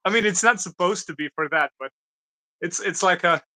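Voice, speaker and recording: A man's voice: high voice, moderate pace, crowd noise. A man chatting as a guest on a livestream, joking and laughing a lot. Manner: joking, giggly, hypes the stream. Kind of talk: casual chat on a livestream.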